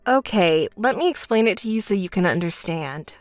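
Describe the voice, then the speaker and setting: A woman voicing a calm, sensible young woman who speaks in a flat, firm and unimpressed way. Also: medium pitch, moderate pace, faint music behind, close to an everyday voice. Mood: cool. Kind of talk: texting-story voice acting.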